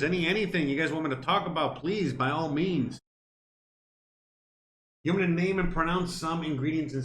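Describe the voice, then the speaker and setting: A man's voice: mid-range voice, slight background noise. A Cuban-born man hosting his cooking live stream, chatting casually with viewers in a rambling, profane way. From Cuba. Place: home kitchen. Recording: echoey room with faint music.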